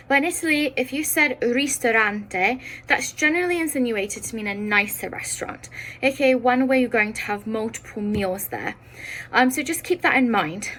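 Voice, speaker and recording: A woman teaching a beginner Italian lesson, explaining words in English and sounding out each Italian word slowly and carefully. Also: a little high, a bit bright, poor audio. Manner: slow careful pronunciation of foreign words.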